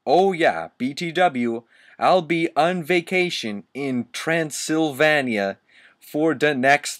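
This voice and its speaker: A man reading badly written fan fiction aloud for laughs, amused and stumbling over misspelled words. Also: medium pitch. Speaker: reader.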